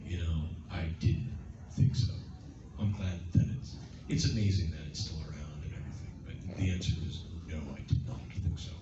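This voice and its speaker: At a fan convention panel in a large hall, a bass-voiced man answers fan questions, spinning stories casually and lively at a moderate pace and doing playful voices for the lines. Recorded from a distance, the sound is muffled and echoey, with crowd noise all around.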